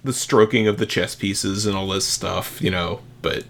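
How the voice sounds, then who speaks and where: A man's voice: low-pitched, moderate pace, gravelly, a bit bright. A man co-hosting a casual movie podcast, agreeing readily and adding nitpicks and asides. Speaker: podcast co-host.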